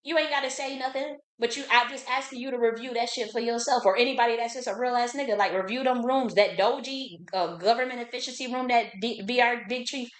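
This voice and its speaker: A woman's voice: fairly high pitch, quick pace, few pauses. A woman, hosting her own channel, ranting casually, profane, repetitive and indignant. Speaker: channel host. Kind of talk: heated casual rant.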